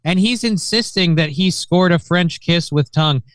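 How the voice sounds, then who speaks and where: A man's voice: high-pitched, normal speed, fairly bright tone, no echo, studio quality. A man co-hosting a comedy show, telling a story with wry disbelief. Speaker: co-host. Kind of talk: comedic commentary.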